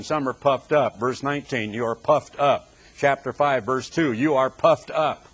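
A man preaching a Bible exposition sermon, emphatic, drawing out key words and rising on rhetorical questions. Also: medium pitch.

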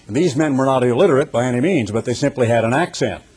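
A man preaching a sermon, reading scripture slowly and emphatically, then explaining it in a conversational way. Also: mid-range voice, darkish tone, husky.

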